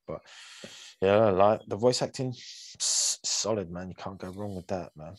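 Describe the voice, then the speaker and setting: This man's low voice comes across a little slow in a dry recording. As a podcast co-host, he chats in a casual, rambling way, with frequent laughs and restarts.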